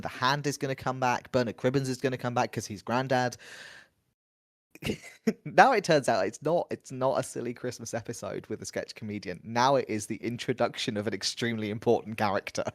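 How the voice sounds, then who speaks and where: A man's voice: medium pitch, dry recording. Dry, wry man on a podcast. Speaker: podcast co-host. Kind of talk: casual discursive review chat.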